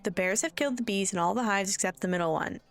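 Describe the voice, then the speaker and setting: A woman's voice: medium pitch, fast talker, vocal fry, soft background music, lightly acted. A woman voicing a worried, practical hobbit beekeeper who talks in a folksy, plainspoken way. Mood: earnest. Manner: folksy, plainspoken, countrified grammar.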